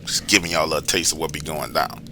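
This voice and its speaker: A man hosting his own channel, telling a personal story in a casual, profane, slangy way and loudly acting out the scenes. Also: extremely low pitch, flat delivery, fast talker.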